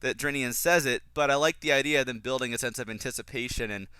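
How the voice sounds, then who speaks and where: A man talks through a film in casual fan commentary, his voice bright and forceful with a smooth, crisp tone. He is strongly opinionated and flares into exasperated rants. The sound is dry and close. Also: mid-range voice, quick pace, no room sound.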